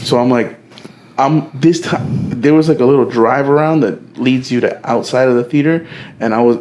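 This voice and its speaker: Young man, podcast co-host, casual storytelling, profane and slangy, acts out dialogue, middle pitch. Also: a little mellow. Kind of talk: casual storytelling among friends.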